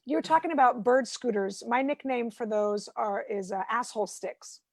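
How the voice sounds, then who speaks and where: A woman's voice: a little high, moderate pace, no echo. A woman comedian doing a chatty, self-deprecating stand-up set from home over a video call.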